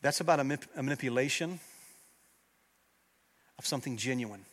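A man's voice: mid-range voice, a little fast. Emphatic preaching pastor, man. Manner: emphatic preaching, rising loud at peaks and dropping to quiet. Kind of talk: sermon. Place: church sanctuary.

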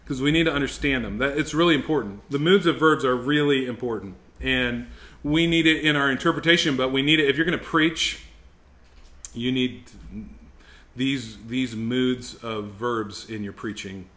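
Speaking at a normal speed with a sharp tone and medium pitch, this middle-aged man leads a ministry school lesson on preaching. His manner is emphatic and intense, climbing into fervent exhortation, with frequent restarts where he repeats words.

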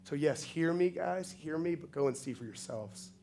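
Guy preaching a sermon, kinda high gravelly voice, gets fired up and repeats stuff. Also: lively intonation, moderate pace, mellow, soft background music. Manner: passionate, builds to emphatic repetition. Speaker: pastor.

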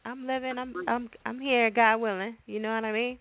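Brisk and level in tone, a woman hosts a call-in radio show with blunt, profane, chatty talk, slipping into high squeaky voices to act things out. There's no echo, though the audio is tinny like a phone line, with music playing behind.

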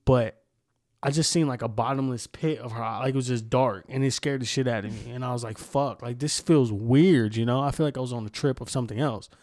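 A man's voice: medium pitch, steady tone, fast, dry recording, clean studio sound. A young man hosting a casual podcast, telling a story in a candid, rambling way with lots of swearing. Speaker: podcast host.

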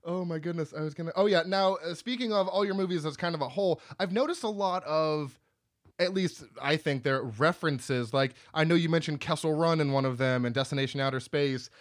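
A man's voice: fairly high pitch, brisk. Enthusiastic man hosting an interview. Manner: enthusiastic, laughs often, lots of fillers. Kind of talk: casual interview talk.

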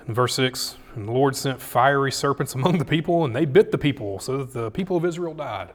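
A man preaching a casual, jokey sermon, acting out scripture quotes with dramatic swings in loudness and pitch. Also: lively intonation, fairly quick. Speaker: pastor.

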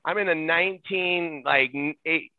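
A man's voice: a little high, unhurried, dry recording. Middle-aged man on a tinny phone line. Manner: excitable, jumps into shouted impressions and laughs. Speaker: guest, former ballboy. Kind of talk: animated storytelling in casual chat. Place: at home in Utah.

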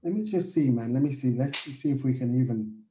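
A man's voice: medium pitch, a little fast, echoey room, background noise. A man hosting a casual chat, eager and affirming, jumping in with his own stories. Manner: enthusiastic, affirming, chatty.

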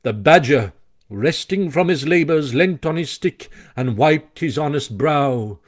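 A man reading a classic children's story aloud with expressive, animated narration. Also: fairly high pitch, unhurried. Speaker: audiobook narrator.

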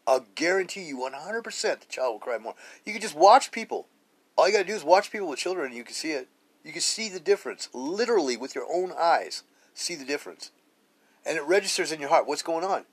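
A man's voice: on the high side, expressive, quick pace, slightly rough. A middle-aged man recording a spiritual podcast on a cheap phone, talking casually with profanity, restarts and repetition. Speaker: podcast host. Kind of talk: rambling spiritual podcast monologue.

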